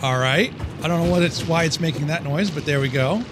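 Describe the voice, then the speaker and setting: A man's voice: fairly high pitch, brisk, music in the background. A man streaming a building game live, chatting casually, easily confused and answering his chat as he plays. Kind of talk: casual live gameplay commentary.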